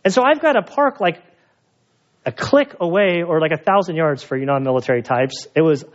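A middle-aged male pastor preaching a conversational sermon, telling personal stories in an animated, self-mocking way. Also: on the high side, a little fast. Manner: animated, chatty storytelling with self-mocking humor. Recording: dull lo-fi sound.

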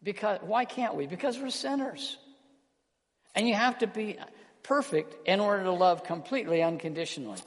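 A man's voice: high voice, expressive. Man preaching in a reverberant hall. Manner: earnest preaching, slowing and softening on key words. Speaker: pastor. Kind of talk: sermon.

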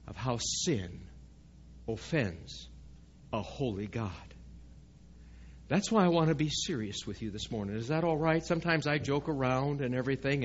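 A man's voice: medium pitch, dull audio, a little hiss or hum. A man preaching a sermon to his congregation in a church, speaking conversationally and often asking the listeners questions. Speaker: pastor. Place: church sanctuary.

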